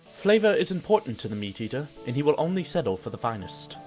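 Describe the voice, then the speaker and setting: A man voicing a solemn male nature-documentary narrator with a grave, measured delivery. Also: mid-range voice, very animated, over music, voice pushed down, lightly acted. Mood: mock solemn.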